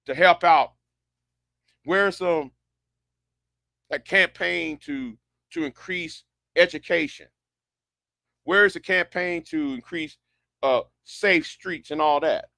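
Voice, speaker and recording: A man's voice: fairly high pitch, sharp tone, no room sound, studio quality. A man delivering a sarcastic, incredulous rant as an online commentator, often repeating himself. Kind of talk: ranting commentary.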